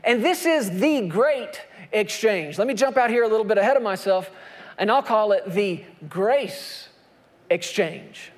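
A man delivering a sermon with a notably high voice. He preaches emphatically, pausing to throw rhetorical questions at the congregation, and the sound carries a long hall reverb. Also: animated. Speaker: pastor.

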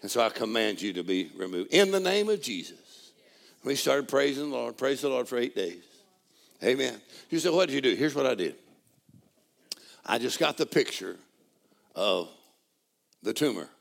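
A male preacher with a heavy rasp and fry in his voice, leading a congregation through a sermon. He trades calls and responses with them, sinking to hushed, intimate lines and climbing to shouted, almost sung praise. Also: expressive, moderate pace, pauses often. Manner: call-and-response preaching, swings from low murmurs to shouted praise.

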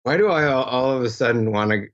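A man's voice: medium pitch, fast talker, fairly bright tone, lo-fi sound. A man co-hosting a podcast who teases his partner and laughs easily in casual banter. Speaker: podcast co-host.

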